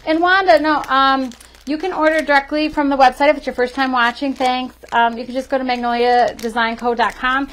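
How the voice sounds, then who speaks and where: A woman's voice: high voice, fairly even intonation, a little fast, fairly bright tone. A woman hosting a casual live-stream craft demo, chatting to viewers with lots of fillers. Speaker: craft tutorial host.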